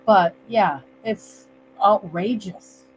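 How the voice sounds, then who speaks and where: A woman's voice: medium pitch, extremely slow, slight background noise, poor audio. A woman co-hosting a casual live stream over a video call, chatty and a bit apologetic, with light laughs. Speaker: co-host.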